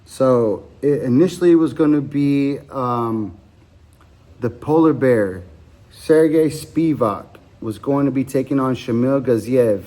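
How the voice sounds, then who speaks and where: A man's voice: mid-range voice, slow pace, dark tone. A man hosting a podcast, casually talking through fight betting picks, rambling with frequent ums and self-corrections. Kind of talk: casual solo betting breakdown.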